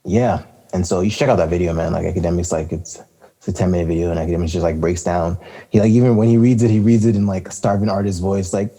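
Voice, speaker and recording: Relaxed husky-voiced podcast man. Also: deep voice, quick pace. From Canada. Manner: laid-back, rambling, laughs often, many fillers. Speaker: podcast co-host. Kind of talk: casual hip-hop podcast chat.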